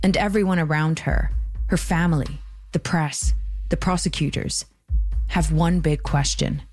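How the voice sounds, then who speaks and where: A woman narrates a documentary podcast in a measured, scripted manner. Her voice is low for a woman. Faint music runs beneath her. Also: a little mellow.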